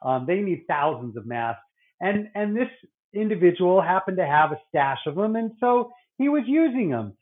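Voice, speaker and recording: A man's voice: sits high, sing-song, normal speed, phone-quality sound. A middle-aged man, a doctor, chatting casually and rambling, with many restarts and fillers. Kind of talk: casual podcast chat.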